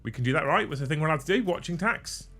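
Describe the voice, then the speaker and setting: Male stream host, sweary and lively, light music underneath. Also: fairly high pitch, rapid-fire. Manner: sweary, excitable, thanks viewers by name. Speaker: livestream host. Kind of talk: casual livestream chat.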